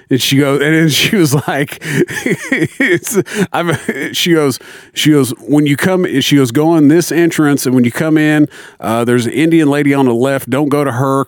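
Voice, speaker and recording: A man's voice: medium pitch, dry recording, studio quality. A man in casual chat, telling a story with lots of swearing and quoted back-and-forth. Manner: profane, animated storytelling with quoted dialogue.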